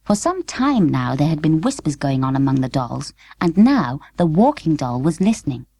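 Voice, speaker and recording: A woman narrating a children's story in a lively, expressive storybook manner. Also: deep voice, moderate pace, no echo. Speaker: audiobook narrator.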